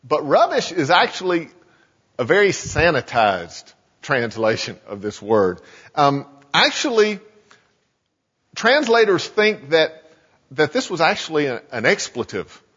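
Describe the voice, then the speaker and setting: A pastor giving a sermon, earnest and emphatic, often restarting phrases and slowing down to stress key points. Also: male voice, fairly high pitch, very animated, fairly bright tone, slightly rough. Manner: earnest preaching with many restarts and slow emphasis. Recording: muffled sound with long hall reverb.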